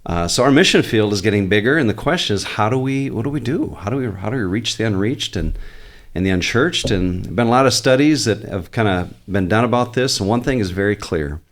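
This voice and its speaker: A man's voice: on the low side, expressive, quick pace, few pauses. A man who is a pastor, guesting on a podcast and explaining his ideas earnestly and at length. He often restarts his sentences and brings in light humor. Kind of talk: casual podcast interview.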